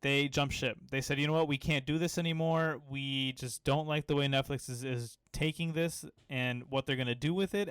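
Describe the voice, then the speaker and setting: A young man talking anime news on a podcast, enthusiastic and rambling through his fillers. His voice is smooth and resonant, captured dry and close. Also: mid-range voice, dry recording. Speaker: podcast co-host. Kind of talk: casual anime podcast chat.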